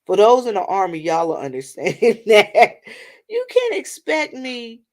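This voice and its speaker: A woman's voice: mid-range voice, wildly swooping pitch, a little slow. A middle-aged woman, chatting and rambling to her viewers in a casual vlog. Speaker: vlogger. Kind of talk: casual storytelling vent to viewers.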